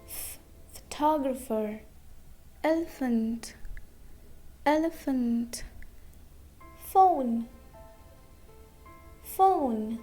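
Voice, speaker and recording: A woman with a high voice and a dark tone gives a slow pronunciation lesson in English. She says each example word twice and checks in with "okay?" after every point.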